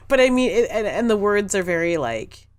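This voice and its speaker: A woman co-hosting a podcast, chatting in a relaxed way and laughing now and then. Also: mid-range voice. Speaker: podcast co-host. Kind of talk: casual podcast chat.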